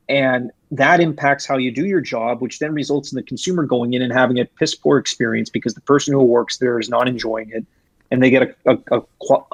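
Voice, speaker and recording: A man's voice: medium pitch, breathy edge, no room sound. A young man telling a workplace story in a casual interview, rambling with restarts and fillers. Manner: rambling, frequent restarts and fillers, animated when retelling. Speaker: guest, former retail employee.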